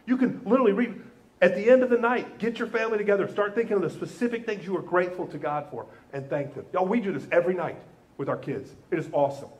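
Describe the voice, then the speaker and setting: A man preaching a Sunday sermon as the church's pastor. He tells lively stories and moves into a quiet, earnest prayer. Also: sits high, quick pace. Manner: animated storytelling, softening into prayer. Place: church sanctuary.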